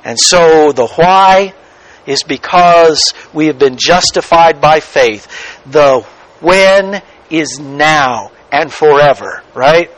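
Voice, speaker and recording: Man preaching, high voice, slow deliberate delivery, emphatic sermon style. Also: a bit bright, low-quality recording. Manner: slow, emphatic preaching with drawn-out key words. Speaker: pastor.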